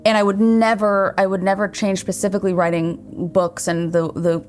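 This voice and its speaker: A woman's voice: medium pitch, level tone, moderate pace, soft background music. A woman in her thirties, a writer being interviewed, speaking earnestly and thoughtfully with frequent restarts. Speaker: guest, writer and showrunner. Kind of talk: reflective interview conversation.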